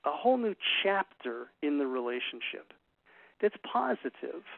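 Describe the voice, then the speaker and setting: A man's voice: a little high, big pitch swings, moderate pace, creaky, dry recording. A middle-aged man giving an earnest, emphatic talk to a group and telling stories along the way. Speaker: relationship speaker. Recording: tinny phone-like radio sound.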